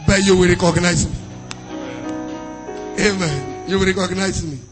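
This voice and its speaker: A middle-aged male preacher with a very high voice. He preaches fervently, shouting some phrases and half-singing scripture quotes. Faint music plays behind him. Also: normal speed. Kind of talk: sermon with questions and answers.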